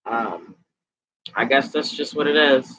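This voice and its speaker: A woman giving tarot readings on a casual live stream, chatting in a relaxed, slangy way, tired and sweaty. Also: a bass voice, slow pace, poor audio. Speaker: tarot reader.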